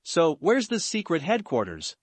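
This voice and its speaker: A man's voice: fairly high pitch, huge pitch swings, measured pace, husky, no room sound, full character voice. Determined young male warrior, read by a man, dry close sound.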